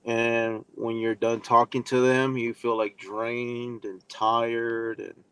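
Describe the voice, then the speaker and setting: A man's voice: medium pitch, level tone, takes it slowly, a bit bright, clear, resonant tone. A man giving a casual live lesson, rambling with many fillers and speaking bluntly, with some profanity. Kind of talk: casual live-stream talk.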